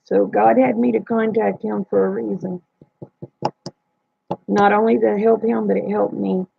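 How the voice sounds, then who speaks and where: A woman's voice: mid-range voice, flat delivery, unhurried, vocal fry, husky. A woman hosting a livestream, telling a personal story in a plain-spoken way and retelling the dialogue. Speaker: livestream host. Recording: dull lo-fi dry sound.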